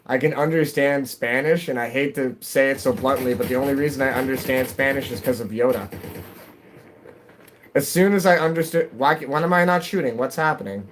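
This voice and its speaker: A man's voice: medium pitch, brisk, slight background noise. Rambling, chatty man streaming a game. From New England. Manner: rambling, chatty, laughs often. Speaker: live streamer. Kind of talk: casual chat with viewers while gaming.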